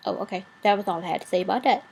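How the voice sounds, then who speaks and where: A woman's voice: medium pitch, very fast, creaky, a little mellow, slight background noise, poor audio. A woman vlogger delivering a blunt, profanity-laced rant, rambling with asides and fillers.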